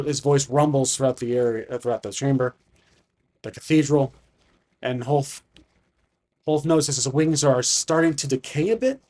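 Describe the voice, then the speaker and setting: A man's voice: medium pitch, a little mellow. A man talks through his solo tabletop game, narrating the scene and correcting himself as he goes. His voice sits in a middle register, and his delivery is loose and conversational. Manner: thinking aloud, frequent restarts and self-corrections; casual, conversational. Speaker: solo game master and player.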